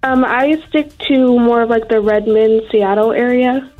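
A woman's voice: on the high side, fairly even intonation, unhurried, soft background music. A woman in her twenties calling in to a radio show, giving short polite answers. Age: 20s. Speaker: caller. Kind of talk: phone-in call. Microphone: phone line. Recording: dull phone-line audio.

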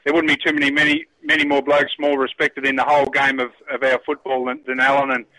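An Australian man, a guest on a radio chat show, talking in a halting way with repeated words and frequent chuckles. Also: mid-range voice, monotone, bright, forceful tone, no echo, poor audio. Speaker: phone-in guest, former footballer.

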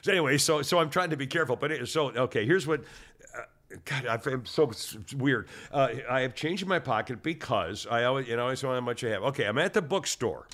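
A man's voice: mid-range voice, expressive, quick pace, a bit bright. An older man, hard of hearing, chatting casually and telling a rambling story full of restarts that gets more worked up as it goes. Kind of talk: casual chat.

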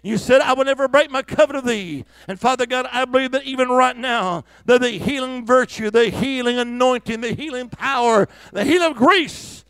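A man's voice: extremely high pitch, fairly bright tone, no echo. A man preaching a revival sermon, exhorting the congregation with fervent calls of hallelujah.

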